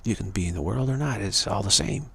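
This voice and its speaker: A man's voice: lowish voice, expressive, fast, creaky, sharp tone, husky, no echo. A man giving a rambling spiritual talk on a live stream, repeating himself and restarting words often. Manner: repetitive, stumbling restarts, earnest. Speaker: spiritual teacher.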